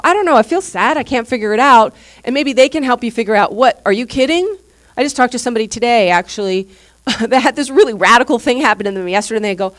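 A woman pastor giving a teaching sermon at a church service in an informal, candid, conversational way. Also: mid-range voice. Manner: informal, candid and conversational, acting out what others said.

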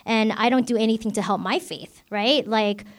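A woman deacon gives an informal bible teaching, chatty, self-revealing and packed with fillers such as "you know" and "like." She speaks at normal speed in a fairly high voice.

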